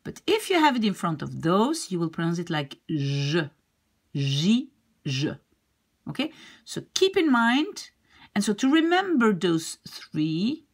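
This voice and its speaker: A woman teaches beginners how letters are pronounced, repeating each sound and example word patiently. Her low, husky voice has a gravelly edge. She talks slowly, and her pitch rises and falls a lot. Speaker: French teacher. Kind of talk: beginner pronunciation lesson.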